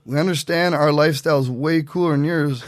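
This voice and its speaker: A man telling stories as a podcast guest in a casual, animated way, acting out what other people said. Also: fairly high pitch, fairly quick, dry recording, studio quality. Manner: animated, acts out quotes in voices. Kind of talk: casual storytelling.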